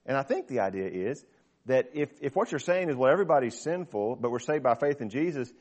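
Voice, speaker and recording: A man teaching a small Bible study class in a relaxed, conversational way, explaining verses plainly and checking in with his listeners. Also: mid-range voice, fairly quick.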